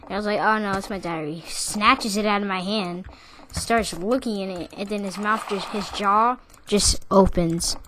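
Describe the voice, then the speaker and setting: A woman's voice: medium pitch, moderate pace, a bit bright, slight background noise. A young woman casually telling a story about school, rambling with lots of "like" and restarts. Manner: rambling, full of "like" and restarts, with bursts of laughter.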